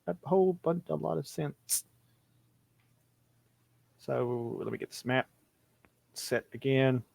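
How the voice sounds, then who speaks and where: A man's voice: medium pitch, slow pace, gravelly, darkish tone, no echo. Guy game-mastering a horror tabletop game, loose improvised telling, dry close audio. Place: home streaming setup.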